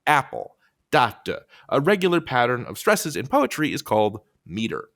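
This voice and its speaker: A man co-hosts a poetry lesson with a middling voice that swings widely in pitch. He trades scripted jokes and reads lines of verse with playful energy. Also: moderate pace. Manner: playful, animated reading of verse. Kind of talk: scripted educational banter.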